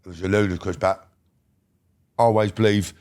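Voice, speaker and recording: A middle-aged man tells his story in a blunt, heated way. He swears freely and leans hard on his words. His voice sits on the low side. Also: fairly even intonation, normal speed, darkish tone. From Britain. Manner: heated, profane, emphatic storytelling. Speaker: interview guest. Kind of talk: casual storytelling.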